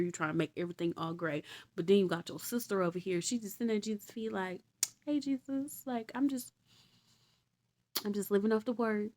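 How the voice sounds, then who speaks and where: Animated, slangy woman storyteller. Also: lowish voice. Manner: animated, slangy, exasperated asides. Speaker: vlogger retelling Bible stories. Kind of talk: casual storytelling.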